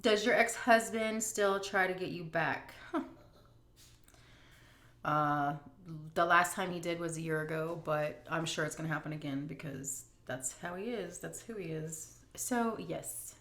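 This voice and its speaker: Middle-aged woman vlogger, frank and emotional, slightly low voice, echoey room sound. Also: a bit bright. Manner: candid, emotional, drawn-out emphasis. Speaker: vlogger answering viewer questions. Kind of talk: casual Q&A chat.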